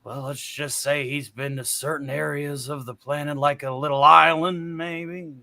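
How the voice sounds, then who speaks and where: Gravelly alien invader, cocky, insulting, high-pitched, bright and brassy. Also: male voice, level tone, moderate pace, no room sound, heavily acted. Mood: brash, sneering. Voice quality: gravelly, sneering. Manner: insulting, boastful, theatrical. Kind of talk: character impression on a podcast.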